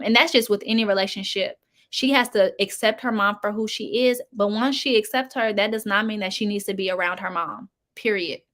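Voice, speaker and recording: A woman's voice: mid-range voice, bright, forceful tone. Chatty young woman YouTuber. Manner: chatty, frank, speaks straight to her viewers. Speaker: commentary YouTuber. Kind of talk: casual commentary chat.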